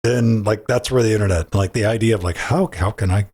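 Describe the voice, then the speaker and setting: A man with a low, husky voice talks on a gaming podcast. He rambles in loose banter, restarts his sentences and swears without a second thought. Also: a little fast, darkish tone. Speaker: podcast co-host.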